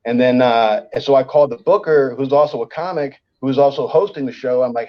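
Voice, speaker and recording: This male comedian guest speaks quickly in a mid-range voice with hardly any pauses, over dull audio. His storytelling is animated and full of swearing, and he performs the voices of the characters.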